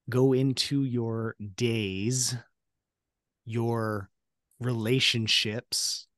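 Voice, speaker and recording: Male guest, earnest motivational speaker, unhurried delivery, dry recording. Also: mid-range voice, no room sound. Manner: earnest, motivational, repeats key phrases. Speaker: podcast guest. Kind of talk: casual interview chat.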